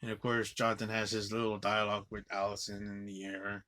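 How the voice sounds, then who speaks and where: A man's voice: on the low side, completely flat delivery, brisk, bright, forceful tone. A man giving a loose, rambling movie recap, swearing casually as he goes. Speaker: movie reviewer.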